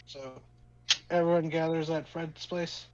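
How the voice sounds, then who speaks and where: A man narrating as game master at a tabletop game, loose and halting in his wording. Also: a little high, fairly even intonation, a little mellow, lo-fi sound.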